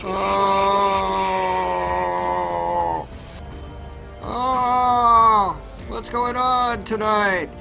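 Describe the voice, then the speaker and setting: A man's voice: high-pitched, steady tone, fairly quick, low-quality recording. A man voicing a flustered middle-aged merchant who rambles and exclaims in an amateur superhero movie. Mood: rattled. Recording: loud music behind.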